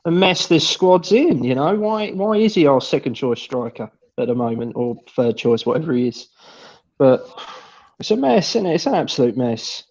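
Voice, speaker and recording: A man's voice: mid-range voice, very animated, moderate pace, darkish tone, dull audio. A man giving exasperated opinions in a football watch-along, stumbling and repeating himself, over a video call. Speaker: fan show pundit.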